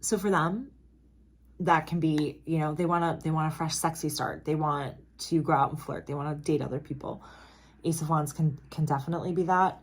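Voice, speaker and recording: A woman with a notably low-pitched voice reads tarot cards in an easy, conversational flow. She is emphatic and chatty, dropping frequent asides and apologies along the way. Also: steady tone, fairly quick, breathy edge. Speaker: tarot reader. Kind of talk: casual tarot reading to camera.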